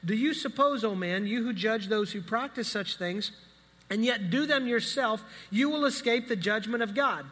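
A male pastor with a high voice tells a story from the pulpit in a relaxed, animated sermon. He has a bright, forceful tone, and his words ring with the long reverb of a hall. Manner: conversational, animated storytelling with quick asides.

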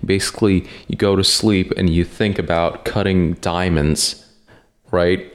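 A man's voice: low voice, fairly even intonation, a little slow. A man hosting a podcast in casual chat, rambling and hesitant with lots of fillers and casual swearing. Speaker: podcast host.

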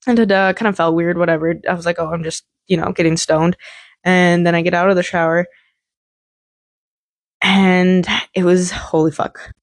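A woman's voice: on the low side, gravelly, no room sound. A young woman hosting a podcast, telling a candid, rambling personal story full of swearing and filler words. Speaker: podcast host.

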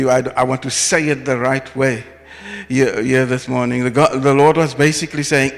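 A man preaching a sermon as pastor, swinging between loud and quiet, often restarting phrases and asking the congregation questions. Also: medium pitch, big-room sound. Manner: rising and falling preaching delivery, asks the congregation questions.

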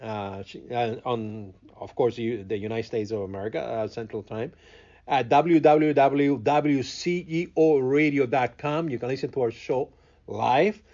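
A Cuban man whose first language is Spanish speaks English at medium pitch as a radio host and interview guest in a relaxed, casual interview. He hesitates, repeats himself, and pauses with many fillers and restarts while searching for words. The audio sounds slightly muffled.

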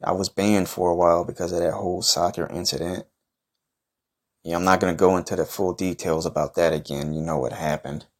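Low-voiced guy talking trash, loud and cocky, cussing nonstop in a comedy rant. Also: fairly even intonation, brisk. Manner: brash, profane, boastful trash-talking. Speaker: podcast host in a comic wrestler persona. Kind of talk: comedic trash-talk monologue.

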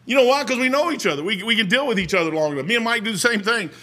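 A middle-aged man delivers a sermon in a folksy, storytelling manner. His voice sits high and sounds bright and sharp. He drops into quiet asides, then builds to loud, pressing appeals. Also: lively intonation, rapid-fire. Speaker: pastor.

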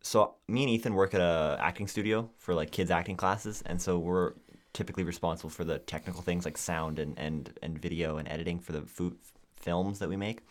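Lively young man telling stories. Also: sits low, fairly quick. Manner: animated storytelling with lots of fillers. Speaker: podcast co-host. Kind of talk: casual chat.

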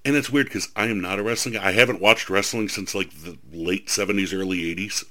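A man with a lowish voice and a bright, forceful edge hosts the interview. He chats casually and tells his anecdotes with enthusiasm. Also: fairly quick. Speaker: host, historian and author.

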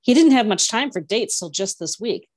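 A woman's voice: mid-range voice, lively intonation, moderate pace, lightly acted. A woman voicing a shy, hopeful teenage girl who speaks eagerly and a little breathlessly.

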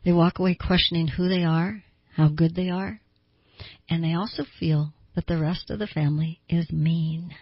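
A woman's voice: on the low side, fairly even intonation, normal speed, breathy edge, no echo, highs cut off. A woman hosting a self-help talk show, giving advice to listeners in an emphatic way and repeating words for stress.

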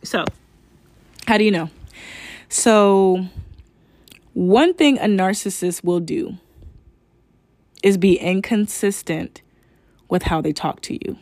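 A woman's voice: medium pitch, takes it slowly, long pauses, darkish tone, no room sound. A young woman hosting a casual spiritual podcast, rambling with many fillers and restarts and calling her listeners "y'all". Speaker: podcast host.

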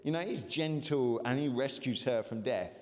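A male pastor preaching a lively sermon to a congregation, urging them to call out, with frequent fillers and restarts. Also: medium pitch, moderate pace. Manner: animated, urges congregation to call out. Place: church hall. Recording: long hall reverb.

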